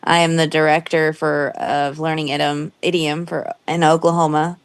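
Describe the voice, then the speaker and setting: A woman's voice: low voice, level tone, normal speed, no echo. A woman guest on a podcast video call, modest and laughing easily as she talks about herself. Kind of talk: casual chat on a video call.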